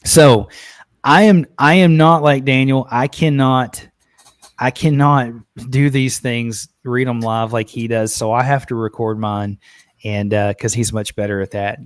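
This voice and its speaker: A man hosting a live podcast, chatting casually and excitedly, often repeating words as he goes. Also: mid-range voice, unhurried, smooth, dry recording. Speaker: podcast host. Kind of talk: casual live-stream chat.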